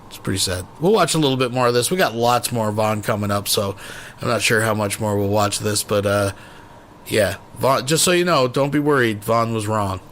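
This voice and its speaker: Man, commentary host, sarcastic, mocking, profane, lower pitch, faint hiss. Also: normal speed, fairly bright tone. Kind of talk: sarcastic commentary over played clips.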